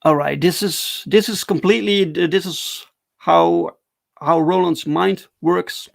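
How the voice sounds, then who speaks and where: Slow, gravelly man, halting speech. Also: a little high, fairly even intonation. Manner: halting, repeats words and restarts often; enthusiastic about the artwork. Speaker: comic creator streaming. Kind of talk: casual livestream walkthrough of his comic.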